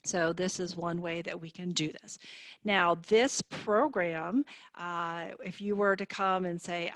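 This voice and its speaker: A woman speech therapist teaching on a video call, in a clear and encouraging manner. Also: on the low side, fairly even intonation, slow, no echo. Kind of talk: online therapy demonstration.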